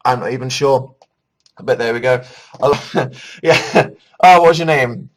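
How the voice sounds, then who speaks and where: A man's voice: mid-range voice, a little slow, poor audio. A man hosting a casual livestream, chatting and reading out viewer comments in a rambling, self-deprecating, jokey way. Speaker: livestream host.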